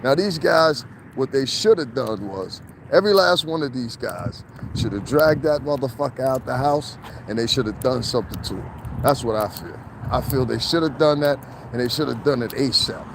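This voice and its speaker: A man vlogging outdoors on his phone by a fence, talking casually and profanely, getting animated as he rants. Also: moderate pace. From New Jersey, US. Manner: animated, profane, rising to heated pitch when worked up. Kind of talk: casual outdoor commentary vlog. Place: outdoors by a fence, near traffic. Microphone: handheld phone camera. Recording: outdoor phone recording with traffic noise.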